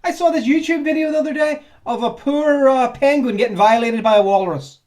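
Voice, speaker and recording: A man's voice: extremely high pitch, a little fast, a little mellow. A man, chatting sarcastically as he reads out and answers viewer comments, rambling and laughing often. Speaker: ex-Jehovah's Witness vlogger. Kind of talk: casual commentary on reader comments.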